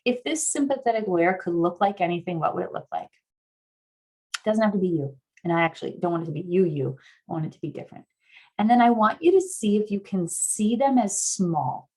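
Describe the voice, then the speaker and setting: Earnest woman guiding an online workshop. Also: on the low side. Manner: guiding, earnest, rises into excited affirmations. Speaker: somatic therapist guest speaker.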